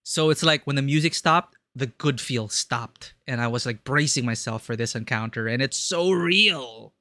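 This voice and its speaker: A streamer chatting casually with viewers while playing a story game, expressive and talkative. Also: mid-range voice, normal speed, no echo. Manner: chatty, expressive, talks to chat.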